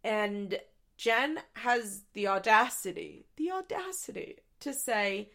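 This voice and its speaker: A young adult woman hosting a podcast, recapping in a chatty, profane, casual way with quick asides into a studio mic. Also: on the high side, very animated, a bit bright. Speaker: podcast host.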